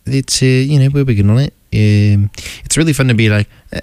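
A young man co-hosting a casual podcast, talking in a deadpan way and slipping into silly voices. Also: mid-range voice, a little fast, smooth, no echo, studio quality. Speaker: co-host.

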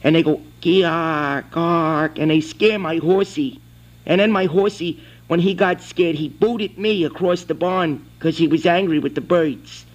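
A man's voice: fairly high pitch, moderate pace, darkish tone. A man on a phone call who rambles, insists, and breaks into animal noises as a prank caller.

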